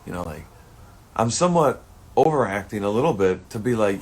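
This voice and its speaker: A man's voice: lowish voice, expressive, a little fast, darkish tone. A man talking through a rambling personal monologue, swearing often and turning heated and emotional at times.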